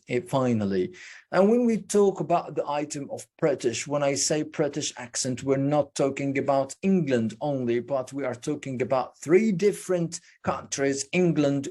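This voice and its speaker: Pronunciation teacher, very slow delivery, mid pitch, drills each sound again and again, asks and answers own questions. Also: mellow. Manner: slow and deliberate, drilling sounds with many repetitions; explains step by step with rhetorical questions. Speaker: English speaking teacher. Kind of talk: online pronunciation lesson.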